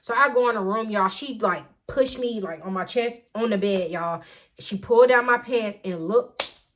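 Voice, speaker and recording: A young adult woman with a mid-range, fairly bright voice tells her viewers a personal story at a moderate pace. She's a storytime vlogger: chatty, digressive, and saying "y'all" constantly as she keeps addressing them.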